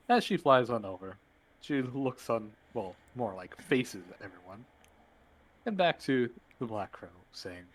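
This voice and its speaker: A man narrating as game master, in a loose, relaxed way with plenty of fillers. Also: mid-range voice, normal speed.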